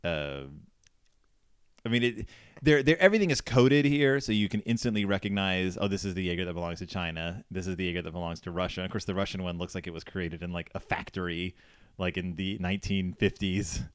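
A low-voiced man chatting loosely about a movie from his living room, wandering into asides and laughing as he goes. The sound is close and dry, with no room around it. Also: fairly quick, clear, resonant tone, no room sound. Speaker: podcast host. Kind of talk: casual film review chat.

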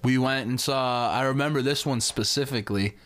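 A man's voice: medium pitch, fairly quick, a bit bright. A man, telling a rambling, profane story as a podcast co-host. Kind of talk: casual chat.

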